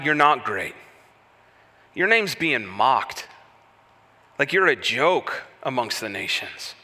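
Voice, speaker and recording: A man preaching a sermon, telling the story with lively rhetorical questions. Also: on the high side, unhurried, long pauses. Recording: echoey hall reverb.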